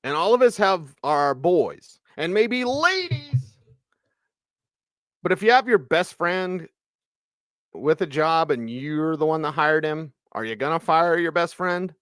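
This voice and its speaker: A man hosting a solo postgame livestream, giving a casual, animated football recap and reading viewer comments aloud. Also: on the high side, measured pace, smooth, no room sound, studio quality. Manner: casual, animated, reads live chat aloud. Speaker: sports radio host.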